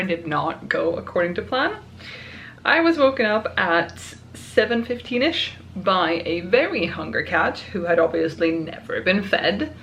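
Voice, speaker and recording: A young woman talks through her writing day in a loose, rambling, self-amused way. Her voice sits a little low and has a gravelly fry to it. The sound rings in an echoey room. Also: fairly bright tone, slight background noise. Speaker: writing vlogger. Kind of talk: casual chat.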